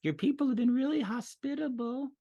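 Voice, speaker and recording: A man putting on a high, smug female goblin. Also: a little fast, mellow, muffled recording. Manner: mock-polite, condescending. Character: scheming female goblin envoy, smug and haughty. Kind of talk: tabletop role-play voicing.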